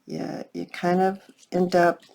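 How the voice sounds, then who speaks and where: A woman's voice: fairly low pitch, completely flat delivery, slow pace, gravelly, a little mellow. A woman chatting casually while working on a craft project, thinking aloud and talking to her viewers. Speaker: craft vlogger. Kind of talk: casual crafting tutorial chat.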